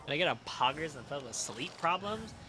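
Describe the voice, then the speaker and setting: A tired young man streaming a game, telling a story in a casual, animated way and swearing freely. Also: on the high side, a little fast, soft background music. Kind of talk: casual gaming stream chat.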